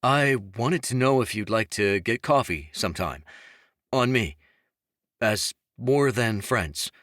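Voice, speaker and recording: A male audiobook narrator voicing a steady young officer who asks someone out in an earnest, measured way. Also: lowish voice, dry recording, studio quality. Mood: hopeful. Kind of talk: audiobook character voice.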